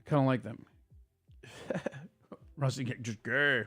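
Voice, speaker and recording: A man hosting a casual livestream, ranting at his chat in a quick, profane and heated way. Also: mid-range voice, steady tone, a bit bright, no room sound, soft background music. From Italian heritage. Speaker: streamer host.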